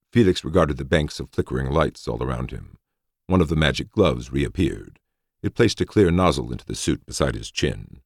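A man narrating a science fiction audiobook in a measured, expressive reading. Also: rumbling low, breathy edge, dry recording, clean studio sound.

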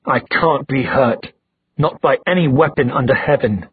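A husky, breathy young villain sneers slowly, confident nothing can harm him, as a male audiobook narrator voices him. The sound is dry and close with no room echo. The recording is dull and muffled at the top. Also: mid-range voice, expressive. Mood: taunting. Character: young male villain, arrogant, certain he cannot be hurt.

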